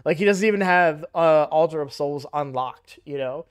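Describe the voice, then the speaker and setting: A young gaming YouTuber casually comments on a mobile game he plays, rambling and correcting himself, and he gets louder and livelier when excited. His voice is fairly high, clear, and resonant, at a normal speed.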